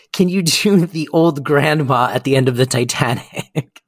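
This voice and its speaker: A woman's voice: sits low, takes it slowly. A woman co-hosting a podcast, chatting casually about a sitcom episode with playful asides and frequent laughter. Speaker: podcast co-host.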